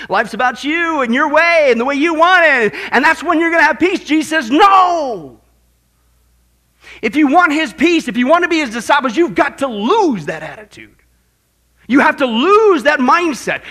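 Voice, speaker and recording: An emphatic male pastor preaching a sermon in a high, bright voice. He jokes with his congregation and keeps asking "right?" as he drives each point home. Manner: emphatic, jokey preaching with frequent "right?" asides.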